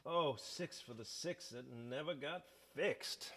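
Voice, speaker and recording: A man's voice: mid-range voice, slow, fairly bright tone, breathy edge, big-room sound. A man from the United States hosting a music livestream, telling rambling stories between songs with many fillers. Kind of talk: casual chat between songs.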